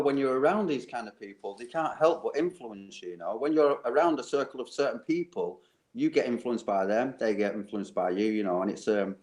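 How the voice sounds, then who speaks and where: Male panelist on a video call, eager and enthusiastic, filler-heavy. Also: mid-range voice. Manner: enthusiastic, repeats "you know". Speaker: panel member. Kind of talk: casual online panel chat.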